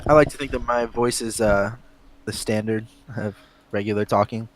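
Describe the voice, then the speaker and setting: Male esports caster from Texas, relaxed and jokey, faint noise behind. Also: on the low side, moderate pace. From Texas, Houston area. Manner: laid-back, joking, trailing off with uh and like. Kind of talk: live game commentary.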